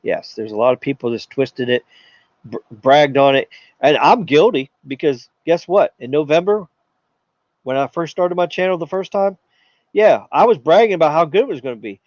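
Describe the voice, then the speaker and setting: A man hosting a live tech Q&A stream, talking in an animated, jokey way and slipping into silly voices. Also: fairly high pitch, normal speed, no room sound, muffled recording. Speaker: tech channel host.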